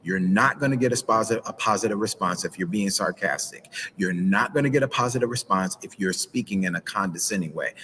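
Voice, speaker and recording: Animated low-voiced male relationship coach. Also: a little fast, a little hiss or hum, low-quality recording. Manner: animated preacher-like delivery with church phrasing. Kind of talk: live-streamed advice talk. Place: outdoors by a pool.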